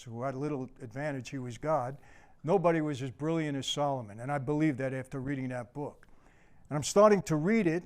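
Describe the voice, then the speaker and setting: An older man gives a personal testimony as a motivational speaker, earnest and direct with his audience. His voice sits a little high for a man. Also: darkish tone. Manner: earnest storyteller, addresses the audience as people.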